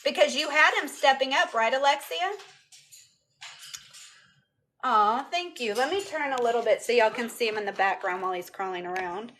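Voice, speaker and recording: A woman's voice: a little high, a little fast, a bit bright, a little hiss or hum. A woman chatting casually on a phone livestream and answering viewers' comments aloud. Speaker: vlogger answering live chat. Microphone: phone camera.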